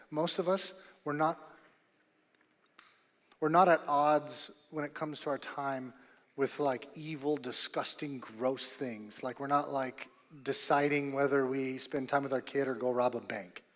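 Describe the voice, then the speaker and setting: A man preaching a sermon as pastor, emphatic and repetitive, rising to loud bursts on key points. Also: mid-range voice, fairly even intonation, normal speed, in a large hall. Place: church auditorium.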